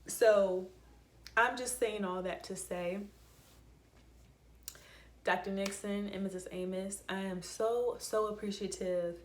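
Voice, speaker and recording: A woman's voice: mid-range voice, steady tone, slow, long pauses, a little hiss or hum. A young woman telling a heartfelt, rambling personal story in a casual vlog, with many fillers and restarts. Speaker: vlogger, voice teacher. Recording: echoey room.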